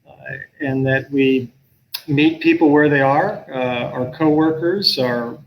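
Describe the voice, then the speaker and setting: A man's voice: mid-range voice, slow pace, lo-fi sound, slight background noise. A middle-aged man, a professor, talking earnestly and thoughtfully on a call, often restarting his sentences. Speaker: professor and guest speaker. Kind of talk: conversational talk on a video call.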